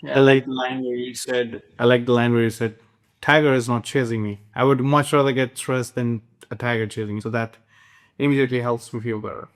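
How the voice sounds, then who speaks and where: A man hosting an interview, talking in a relaxed, candid way. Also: mid-range voice, brisk. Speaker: talk show host. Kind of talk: casual interview chat.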